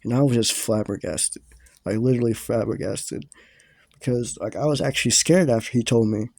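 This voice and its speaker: A man's voice: medium pitch, brisk, darkish tone, dry recording. A young man casually telling a rambling story to his viewers, full of fillers and swearing.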